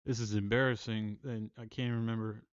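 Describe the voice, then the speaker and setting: A man's voice: lowish voice, level tone, fairly quick, clear, resonant tone, no echo, lo-fi sound. A man from Maryland hosting a casual livestream, rambling, self-deprecating and restarting his sentences. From Maryland, USA. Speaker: livestream host and songwriter.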